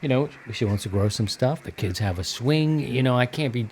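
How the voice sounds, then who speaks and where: A man's voice: mid-range voice, animated, a little fast, darkish tone, slight background noise. A middle-aged man hosting a radio hobby podcast, rambling along in easygoing, filler-heavy casual chat. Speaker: podcast host.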